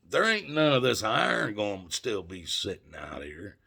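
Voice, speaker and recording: A man's voice: fairly low pitch, big pitch swings, normal speed, gravelly, few pauses, pushed and bright, husky. A man telling a story in a casual, folksy and emphatic way to his viewers. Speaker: channel host.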